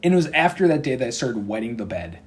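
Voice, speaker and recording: A young man, a podcast guest, telling a story in casual chat, excitable and stammering, laughing often. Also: mid-range voice, quick pace, background noise. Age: teens.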